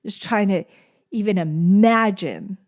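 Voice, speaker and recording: A woman hosting a podcast, speaking in a gentle, soft-spoken and tender way and repeating phrases for emphasis in a heartfelt solo monologue. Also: mid-range voice, lively intonation, slow. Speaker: podcast host.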